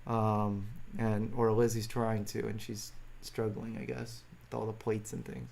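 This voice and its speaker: A man's voice: fairly low pitch, level tone, measured pace, vocal fry, darkish tone, a little hiss or hum. Rambling, self-deprecating male streamer. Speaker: streamer reading viewer chat. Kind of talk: casual live-stream chat.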